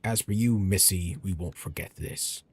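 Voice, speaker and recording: Gruff soldier commander, husky and urgent, as a male streamer puts him on. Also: sits low, moderate pace. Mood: threatening.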